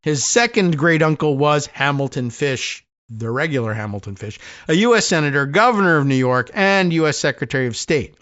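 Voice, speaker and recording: Man, podcast host, casual rambling monologue, wry asides, slightly raised pitch, muffled sound. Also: expressive, fairly quick, hardly any pauses, fairly bright tone. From New Jersey. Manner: rambling, wry storytelling with many restarts.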